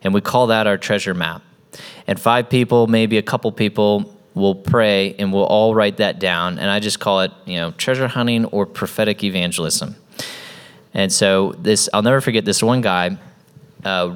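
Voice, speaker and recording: A man's voice: on the low side, steady tone, moderate pace, clean tone. A man in ministry training telling a story in casual talk, acting out the people he quotes.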